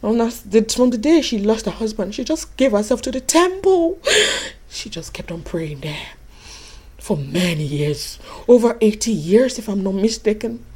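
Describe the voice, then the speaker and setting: A woman preaching a sermon in an animated way, swinging from soft asides to high cries and acting out the voices in her stories. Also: normal speed, slightly rough. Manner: acts out quoted voices in her teaching.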